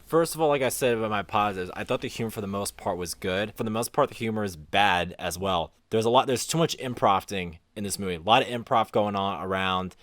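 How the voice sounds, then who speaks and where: A man co-hosting a casual movie review, rambling and repeating himself, getting louder and higher as he gets worked up. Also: fairly quick, few pauses, dry recording. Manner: rambling, repeats words, rises in pitch and volume when animated.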